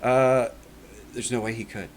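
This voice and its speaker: A man's voice: medium pitch, steady tone, measured pace, a little hiss or hum. A man giving a personal testimony in a casual spoken monologue, rambling and earnest, leaning on "like" and "right?" as he talks.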